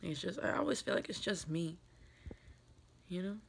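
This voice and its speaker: A woman's voice: lowish voice, moderate pace, vocal fry, a little hiss or hum. An upset, tearful woman in her thirties venting in a rambling vlog, full of fillers and restarts. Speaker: vlogger. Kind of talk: emotional personal vlog.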